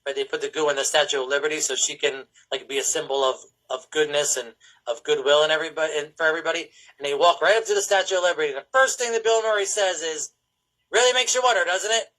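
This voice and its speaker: A man hosting a casual film podcast with a fairly high voice. He rambles and laughs a lot. He often drops into a put-on voice to quote movie lines. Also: steady tone, fast, sharp tone, poor audio. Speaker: podcast host.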